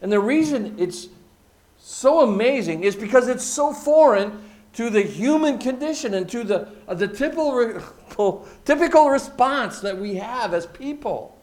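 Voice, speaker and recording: A man preaching a sermon, using emphatic repetition and dropping from loud, stressed phrases to hushed asides. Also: extremely high pitch, expressive, a little slow. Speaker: pastor.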